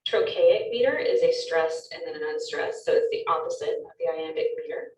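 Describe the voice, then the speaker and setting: A woman's voice: sits low, animated, fairly quick, darkish tone, roomy sound, recorded from a distance, a little hiss or hum, low-quality recording. A woman teacher giving a recorded lecture, explaining step by step with frequent ums.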